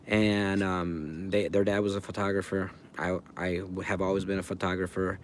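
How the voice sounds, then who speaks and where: A man's voice: low-pitched, level tone, moderate pace, a little hiss or hum. A man hosting a livestream outdoors, rambling casually and answering viewers in chat by name. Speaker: livestream host. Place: outdoors by a fire.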